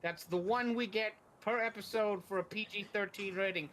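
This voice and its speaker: A player at a tabletop game, talking slowly with wry remarks. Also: medium pitch, a bit bright, slight background noise. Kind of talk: casual game-table chat.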